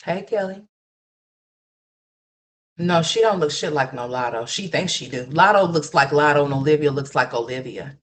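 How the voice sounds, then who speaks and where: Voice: medium pitch, moderate pace, pauses often. Livestream commentary host: blunt, profane gossip rant aimed at the audience, mid-range voice. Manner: blunt, profane, repetitive, talks straight to viewers. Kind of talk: ranting gossip commentary to live chat.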